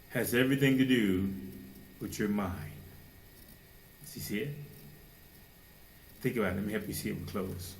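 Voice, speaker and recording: A man preaching a sermon with fervor, firing rhetorical questions and now and then mocking people in a high, put-on voice. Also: slight background noise, poor audio.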